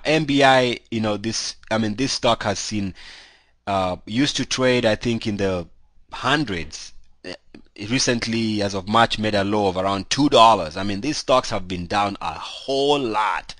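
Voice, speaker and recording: Recorded with no room sound, this man's lowish, fairly bright voice carries a cold. As host of an informal stock market show, he talks through charts in a loose, chatty way, sprinkling in "you know" often.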